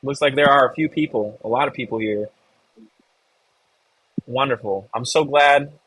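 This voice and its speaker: A man's voice: mid-range voice, normal speed, a bit bright, slightly rough, no echo, poor audio. A man hosting a live online real estate meeting, coaching a member and encouraging the audience. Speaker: host of a real estate investor community call.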